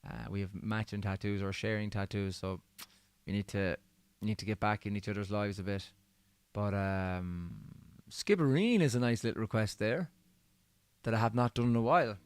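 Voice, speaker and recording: A man with a slightly low voice chats easily with livestream viewers between songs. His voice is a little worn from singing. The sound is dry and close. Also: steady tone, moderate pace, clear, resonant tone, no room sound. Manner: chatty and easygoing, reading out viewer comments. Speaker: musician hosting a livestream.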